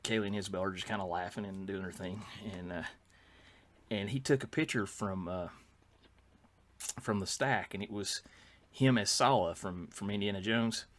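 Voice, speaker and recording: A man's voice: on the low side, moderate pace, long pauses, a bit bright. An older man, telling rambling anecdotes as a podcast co-host, with many fillers and restarts. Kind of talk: casual storytelling chat.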